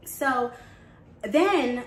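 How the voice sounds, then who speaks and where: A woman's voice: sits high, animated, very slow. A young woman frankly and casually telling a personal story to camera, talking loosely with plenty of fillers. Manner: frank and conversational, full of fillers. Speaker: vlogger. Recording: roomy echo, faint ambience.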